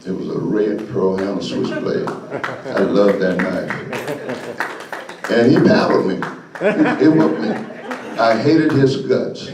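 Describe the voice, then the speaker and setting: Older man, guest speaker, folksy animated storyteller, lowish voice, mic far off in a reverberant hall. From Florida, USA. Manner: folksy, animated, laughs often. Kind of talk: storytelling speech. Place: meeting hall. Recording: echoey room, voice from afar.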